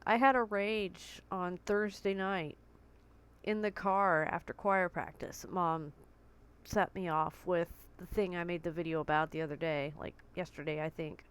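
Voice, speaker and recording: A woman's voice: lowish voice, fairly even intonation, a little slow, clear, resonant tone. A woman vlogging candidly and conversationally from her bedroom, recording on a tablet, with vivid comparisons. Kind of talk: personal talk to camera.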